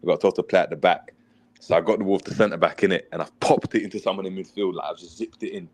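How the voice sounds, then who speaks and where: Man, 30s, chatty former player, lowish voice, slangy and animated storyteller. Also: fast, slight background noise. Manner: animated storytelling, mimics a shouting coach. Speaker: former footballer, podcast guest. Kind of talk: casual chat.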